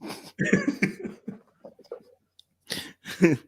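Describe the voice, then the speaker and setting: Man, from the American South, podcast guest, talks at length, frustrated, plays out quoted questions. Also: extremely slow. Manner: frustrated, long-winded, acts out quoted questions. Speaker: interview guest. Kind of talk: podcast interview.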